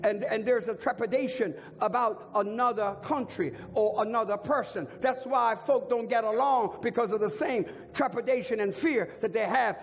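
An older man preaching a sermon as a bishop, driving points home by repeating words and rising to shouts. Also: high voice, moderate pace, vocal fry, few pauses, a little hiss or hum. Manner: emphatic repetition, rising to shouts. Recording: long hall reverb, faint organ music.

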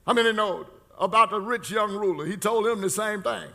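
Male preacher with a bright, tense, gravelly voice, delivering a rousing call-and-response sermon. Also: sits high. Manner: call-and-response preaching, shouting key lines, drawn-out words.

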